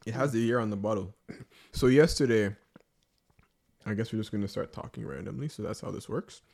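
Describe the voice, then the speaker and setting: A man hosting a podcast, chatting casually with friends, laughing often and telling a story in a relaxed way. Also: on the low side, brisk, creaky. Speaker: podcast host. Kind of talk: casual chat among friends.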